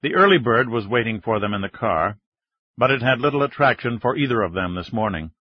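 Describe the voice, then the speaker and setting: A man narrating an audiobook in a measured, even reading, recorded close in a studio. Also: medium pitch, no room sound. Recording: dull, dry studio reading.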